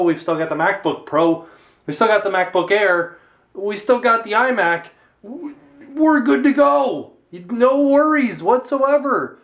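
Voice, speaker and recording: Rambling young man vlogging from his car. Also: fairly high pitch. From Florida, United States. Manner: rambling, jokey, animated storytelling. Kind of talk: casual vlog chat. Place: car and grocery store parking lot.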